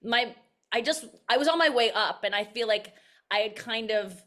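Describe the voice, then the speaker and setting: A woman's voice: a little high, normal speed, fairly bright tone. A woman in her thirties, a comedian, talking candidly and reflectively in a casual interview, often restarting her sentences. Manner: candid and self-reflective, with frequent restarts and laughs. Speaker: comedian guest.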